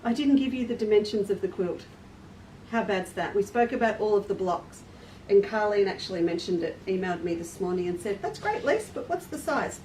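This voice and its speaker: A woman's voice: medium pitch, steady tone, fairly quick, mellow. Chatty woman in an echoey room. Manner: chatty, friendly, laughs at herself. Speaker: quilt shop owner hosting a live stream. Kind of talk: casual live demonstration talk. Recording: roomy echo, distant mic, faint noise.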